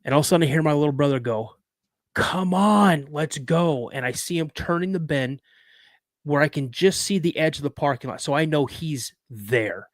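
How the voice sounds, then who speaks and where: A man's voice: fairly high pitch, a little fast, dry recording, clean studio sound. A man in his fifties telling a personal story as a podcast guest, in a vivid, dramatic way. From United States. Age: 50s.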